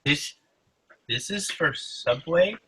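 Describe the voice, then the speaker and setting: A man's voice: on the high side, expressive, slow pace, bright, forceful tone, husky, rough recording. A man joking around in hyped-up casual chat on a live stream. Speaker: stream guest.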